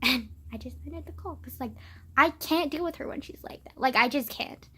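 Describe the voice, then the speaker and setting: A woman's voice: high voice, normal speed, pushed and bright. A young woman venting in a casual vlog, sarcastic and profane, packing her talk with "like". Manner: profane, sarcastic, filler-heavy with constant "like". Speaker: vlogger. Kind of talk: casual rant to camera. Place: suburban home.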